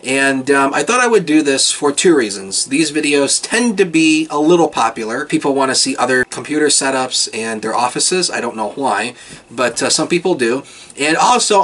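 Chatty male tech vlogger, lively pitch. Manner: relaxed and self-deprecating, with many fillers. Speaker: tech channel host. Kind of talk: casual tour vlog with voice-over.

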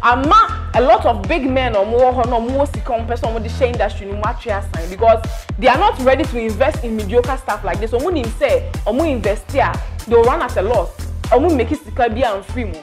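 A woman with a Ghanaian accent presents entertainment news with lively storytelling. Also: on the high side, a little fast, music in the background.

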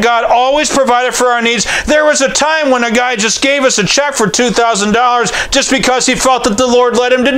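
A middle-aged man with a fairly high voice delivers a sermon. He speaks bluntly and directly, often scolding his listeners. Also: sharp tone. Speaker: preacher.

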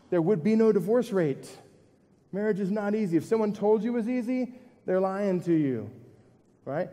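High-voiced male pastor, churchy reverb. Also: warm tone. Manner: conversational, asks the congregation questions and repeats points. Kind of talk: sermon. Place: church sanctuary with congregation.

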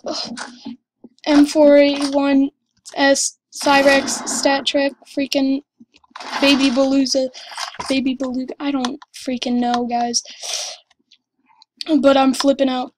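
A woman giving excited commentary over her gameplay, gushing and exclaiming breathlessly. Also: high-pitched, takes it slowly, pauses often, a little hiss or hum. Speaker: gamer.

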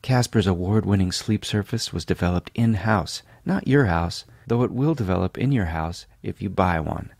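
Sleepy gravelly man reading a jokey ad. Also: low-pitched, moderate pace, few pauses, no echo. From California. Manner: sleepy, deadpan, self-mocking. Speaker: podcast host. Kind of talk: jokey ad read.

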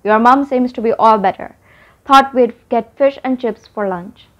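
A woman voicing a gruff, befuddled old grandfather who talks loudly and sounds muddled. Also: fairly high pitch, a little slow, dull audio, lightly acted. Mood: bemused.

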